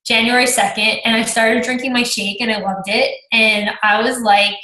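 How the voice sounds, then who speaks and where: A woman's voice: fairly high pitch, steady tone, moderate pace, hardly any pauses, bright, forceful tone, roomy sound, poor audio. A woman in her thirties telling her own story on a group call, chatty, acting out her own past thoughts. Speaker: team coach sharing her story. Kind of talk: personal testimonial on a group call.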